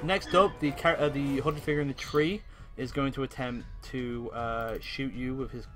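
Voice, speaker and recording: A man's voice: mid-range voice, steady tone, normal speed, soft background music. A man narrating as game master in an online tabletop game, casual and hesitant with many fillers.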